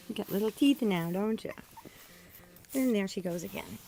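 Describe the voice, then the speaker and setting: A woman filming her puppies at home on a handheld camera, coaxing them in high sing-song baby talk. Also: normal speed, creaky, warm tone, slight background noise. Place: indoors at home.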